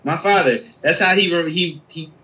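Bright, emphatic Philly podcast co-host. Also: male voice, a little high, normal speed, rough recording. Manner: emphatic, repeats "listen" and "bro". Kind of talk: casual sports podcast chat.

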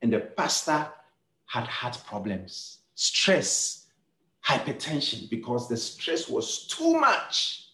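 A man's voice: medium pitch, huge pitch swings, slow pace, sharp tone, reverberant. A male pastor preaching a sermon, telling stories and acting out the dialogue, with many repeated words and restarts. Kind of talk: sermon storytelling.

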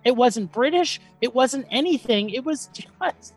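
A woman's voice: sits high, expressive, a little slow, few pauses, a little mellow, breathy edge, soft background music. Exasperated woman ranting about a film. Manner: exasperated, profane, dramatic. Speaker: podcast co-host.

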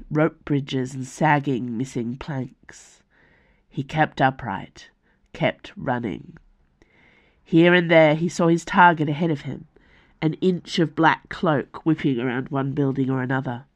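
This is scripted audiobook narration of a fantasy novel, read by the woman who wrote it. She has a low-pitched voice and reads in a careful, measured way.

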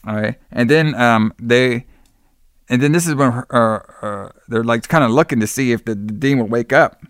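A man's voice: mid-range voice, normal speed, fairly bright tone, clear, resonant tone, dry recording, clean studio sound. A man casually recapping a horror movie as podcast co-host, rambling, swearing and laughing often.

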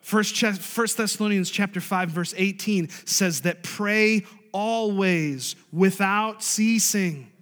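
Pastor, male, high voice, emphatic call-and-response preaching, hall reverb. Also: slow pace, few pauses, fairly bright tone. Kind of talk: sermon.

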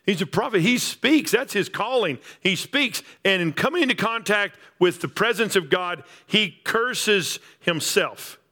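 A man's voice: high voice, lively intonation, measured pace, hardly any pauses, pushed and bright. A man preaching a sermon, emphatic and repetitive, building up on key phrases. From Texas Panhandle. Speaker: pastor.

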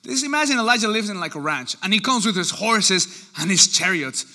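A man preaching a sermon, animated and acting out the people he quotes. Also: high-pitched, a little fast. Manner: animated, acts out quoted voices. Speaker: pastor.

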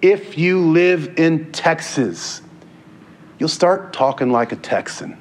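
A man delivering a sermon with a voice that sits a little high for a man. He preaches earnestly and conversationally, often doubling back on his words before pressing on. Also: animated, takes it slowly.

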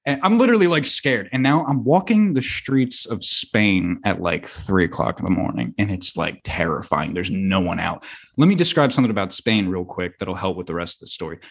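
A young American man telling a rambling, animated story on a podcast, full of fillers and swearing. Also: low voice, fairly quick. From United States. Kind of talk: casual storytelling.

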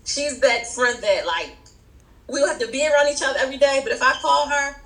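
A woman with a high voice chats as a podcast guest. She tells personal stories with energy, slipping into her friends' voices as she goes. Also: fairly quick, echoey room, poor audio. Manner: animated storyteller, acts out friends' voices. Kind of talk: casual chat.

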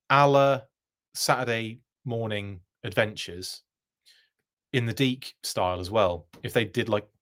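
A man's voice: medium pitch, fairly bright tone. A man hosting a casual livestream reaction, chatting, answering viewer comments, and often breaking off mid-sentence. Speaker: host.

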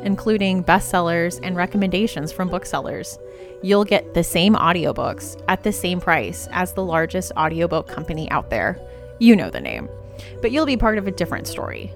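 A woman podcast host reading a sponsor ad in an upbeat, steady way. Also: on the low side. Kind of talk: read sponsor spot. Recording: music bed behind the voice.

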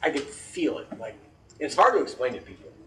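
A man's voice: mid-range voice, very animated, a little fast, a bit bright. A man co-hosting a chat show, telling a personal story in an earnest, anecdotal way. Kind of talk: casual radio-style chat. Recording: distant from mic, faint noise.

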